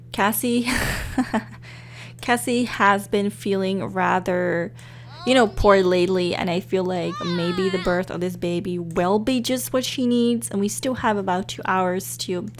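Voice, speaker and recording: A young woman giving casual, excitable let's-play commentary with lots of fillers, talking into a desk microphone. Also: mid-range voice, slight background noise. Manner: chatty, excitable, many fillers. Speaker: gaming YouTuber.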